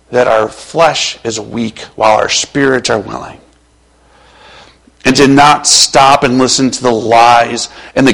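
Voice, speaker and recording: A male pastor preaching a sermon with passion, moving between loud urging and hushed, quiet passages, his voice a little strained. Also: mid-range voice, creaky, low-quality recording.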